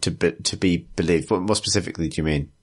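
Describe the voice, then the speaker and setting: A British man with a low voice hosts a casual gaming podcast. He talks in a relaxed, easygoing way and drops in dry one-liners. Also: fast, husky. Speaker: podcast host. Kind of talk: casual chat.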